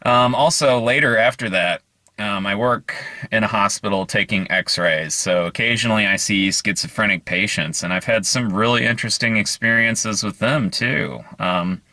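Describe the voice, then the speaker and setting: A man's voice: fairly low pitch, moderate pace, pushed and bright, dry recording. A man vlogging in a casual, earnest way, rambling through stories with hesitant fillers. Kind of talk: casual storytelling to camera.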